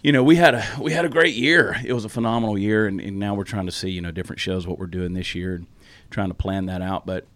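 A man's voice: sits low, fast talker, a bit bright, no echo. Man, Southern Texas accent, folksy storyteller, casual podcast talk, dry close sound. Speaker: podcast host.

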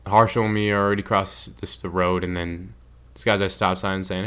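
A man co-hosting a podcast, casually retelling a trip in a rambling, animated way. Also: low-pitched, brisk, clean tone. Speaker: podcast co-host. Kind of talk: casual storytelling chat.

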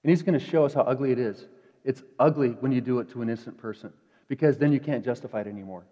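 A man preaching a sermon in a conversational way, dropping to quiet asides and rising to emphatic peaks. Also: mid-range voice, fast. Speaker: pastor. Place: church sanctuary. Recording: dull echoey church hall.

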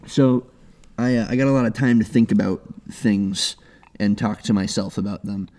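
A man's voice: on the low side, fairly even intonation, moderate pace, darkish tone. A man co-hosting a casual chat, rambling and joking with lots of restarts. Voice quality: rambling, many fillers and restarts. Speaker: podcast co-host.

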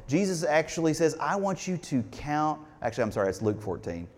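A man's voice: fairly high pitch, sing-song, brisk, in a large hall. A man preaching a sermon in a church, talking conversationally and asking the congregation questions. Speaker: pastor. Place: church sanctuary.

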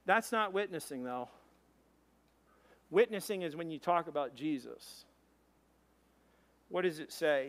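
A man preaching a sermon as pastor, telling a story in an animated way with quoted voices. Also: on the high side, a little slow, long pauses.

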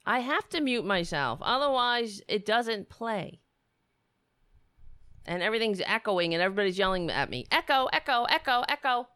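A woman's voice: mid-range voice, expressive, moderate pace, a bit bright, clean tone, dry recording, clean studio sound. A woman hosting a livestream, ranting angrily with profanity and self-mockery. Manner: angry, profane, self-mocking. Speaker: livestream host. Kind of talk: ranting commentary.

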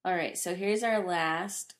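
A woman's voice: lowish voice, a little slow. A young woman co-hosting a podcast, chatting casually in a giggly, playful way. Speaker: podcast co-host. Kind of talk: casual chat.

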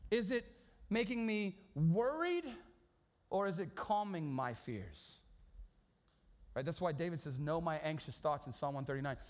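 High-voiced pastor preaching casually. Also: male voice, lively intonation, a little slow. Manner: casual storytelling, high-energy, repeats words. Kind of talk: sermon.

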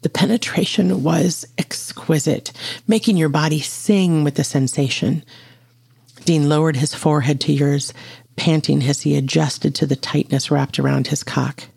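A storyteller reading an intimate audio story aloud in a slow, steady way. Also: mid-range voice, gravelly, slightly rough, no room sound. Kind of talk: scripted narration of an audio story.

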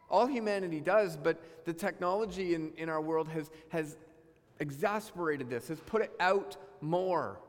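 A man preaching a sermon as pastor, animated and acting out the voices of God and his listeners. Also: fairly high pitch. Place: church sanctuary. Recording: long reverb of a hall.

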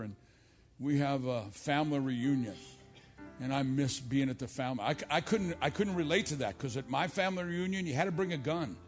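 A middle-aged male pastor preaching a televised church sermon, telling stories and moving from loud, emphatic lines to low, quiet asides. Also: fairly quick, soft background music. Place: church service filmed for television.

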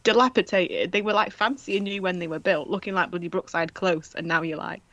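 A woman's voice: lowish voice, fairly even intonation, brisk, fairly bright tone, dry recording. A woman, chatting casually and jokily as a podcast co-host, swearing now and then. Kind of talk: casual chat.

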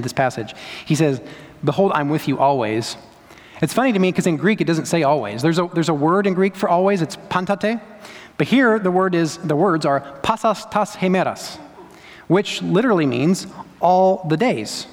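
A pastor delivers a sermon in a church sanctuary, his fairly high-pitched voice earnest and conversational, building with rising emphasis. The recording carries the long reverb of a church hall.

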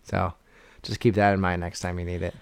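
A man's voice: deep voice, flat delivery, brisk, gravelly. A young man chatting casually as a podcast co-host, rambling and wry, with lots of fillers and restarts. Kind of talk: casual chat.

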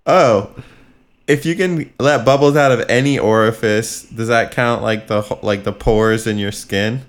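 Low, smooth-voiced man chatting. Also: a little slow. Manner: loose, laughing, swears freely. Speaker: podcast co-host. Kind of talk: casual chat.

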